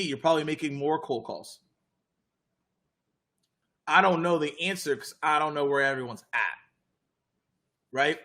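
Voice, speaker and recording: A young man, hosting a casual live Q&A and coaching viewers on sales calls in an energetic, direct way. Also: fairly high pitch.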